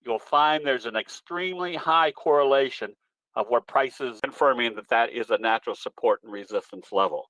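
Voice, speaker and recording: A man's voice: medium pitch, moderate pace, a bit bright, no room sound, low-quality recording. A man presenting at an online trading webinar, answering questions in a folksy, easygoing, rambling way. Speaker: guest presenter, trading educator. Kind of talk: webinar Q&A, explaining.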